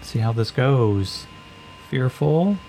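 Give me a slow, gravelly man narrating a solo tabletop game. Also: mid-range voice, faint music behind, poor audio. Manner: relaxed and unhurried, with many fillers.

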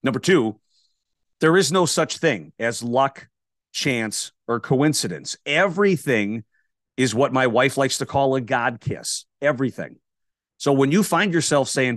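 Man, radio host, faith talk, emphatic repeated questions, medium pitch, dry close sound. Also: animated, a little slow, fairly bright tone, dry recording. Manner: emphatic, builds lists of repeated rhetorical questions. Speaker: radio host and podcast guest. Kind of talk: faith-based motivational talk.

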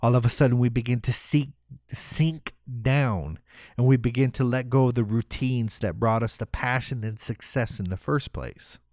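A man giving a motivational talk, energetic and rhetorical, often asking "right?". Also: medium pitch, moderate pace, no room sound, clean studio sound. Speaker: motivational speaker.

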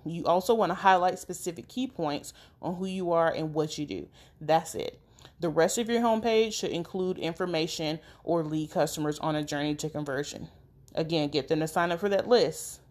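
Low-voiced woman teaching business tips. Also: darkish tone. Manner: direct, practical advice with fillers. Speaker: business coach. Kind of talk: instructional talk.

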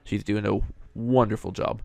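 A man's voice: on the low side, flat delivery, normal speed, creaky, a little mellow, dry recording. A young man hosting casual commentary, an opinionated, chatty fan. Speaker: show host reviewing voice actors.

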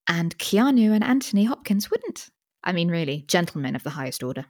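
A woman's voice: fairly low pitch, very animated, brisk, no echo. A British woman co-hosting a podcast, chatting enthusiastically into a studio mic with a pop filter and often restarting her sentences. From Britain. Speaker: podcast co-host. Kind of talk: casual chat. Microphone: studio microphone with pop filter.

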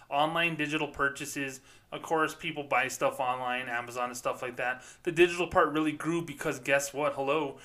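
In a bright, forceful, mid-range voice, a man who once worked at a bank hosts his podcast and unloads on banking with sarcasm and profanity in a ranting style.

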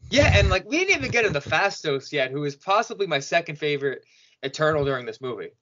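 A man's voice: fairly high pitch, fast talker, highs cut off. A man co-hosting a casual movie podcast, enthusiastically praising the film's actors. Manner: enthusiastic, excitable. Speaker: podcast co-host.

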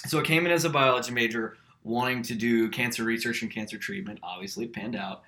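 A young man with a bright, clear voice spins a story in relaxed podcast chat. He is animated and slips into the voices of the people he quotes. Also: mid-range voice, fast. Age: young adult. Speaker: podcast co-host.

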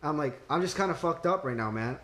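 A man's voice: a little high, lively intonation, brisk, a bit bright. Laid-back young man in an echoey room. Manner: laid-back, swears freely, acts out quoted friends. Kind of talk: casual podcast chat.

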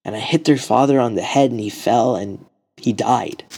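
A man's voice: medium pitch, normal speed, darkish tone, close to an everyday voice. A man voicing an honest young man who owns up to a killing and pleads earnestly for time. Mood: remorseful. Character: remorseful honest young man facing execution.

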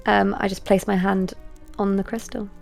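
A woman's voice: medium pitch, little pitch movement, normal speed, vocal fry, darkish tone, faint music behind. A woman playing a tabletop game, narrating her character's actions hesitantly. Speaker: player. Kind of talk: tabletop role-play.

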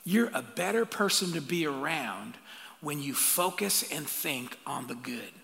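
Man, pastor, sermon, high gravelly voice, animated preaching, long hall echo. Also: measured pace. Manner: animated preaching with call-outs and playful asides.

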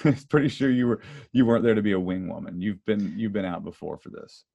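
A man's voice: lowish voice, lively intonation, fast talker, gravelly, dark tone, highs cut off. A man co-hosting a casual chat, trading wry, opinionated banter. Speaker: podcast co-host.

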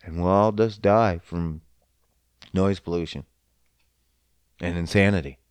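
A man's voice: low-pitched, a little slow, clear, resonant tone, dry recording. A man in a casual, profane rant who swears often and slips into mocking voices. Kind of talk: casual ranting monologue.

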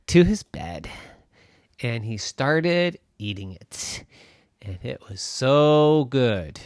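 A man's voice: medium pitch, no room sound, clean studio sound. A man improvising a playful bedtime story for a child. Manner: slow, playful, animated, clears throat.

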